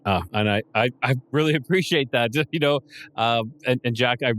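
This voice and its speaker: A man hosting a podcast interview, halting and grateful, often stumbling and restarting. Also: medium pitch, a bit bright, smooth. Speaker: podcast host. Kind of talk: interview conversation.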